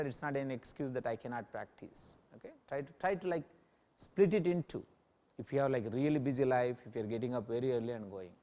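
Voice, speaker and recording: A man's voice: a little high, darkish tone. A male yoga teacher giving an informal talk to a class, often checking in with listeners by asking "Okay?". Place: yoga center in New Delhi.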